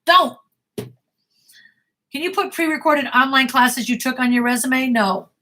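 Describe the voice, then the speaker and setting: A woman's voice: sits high, takes it slowly, bright, forceful tone, a little hiss or hum. A middle-aged woman acting coach answering viewer questions in a blunt, emphatic way, often repeating herself.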